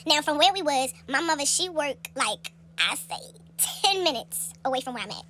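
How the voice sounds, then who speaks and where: A young woman telling a story in a casual, animated, profane way, acting out the people in it in a high voice, recorded on a phone held close. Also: normal speed, slight background noise.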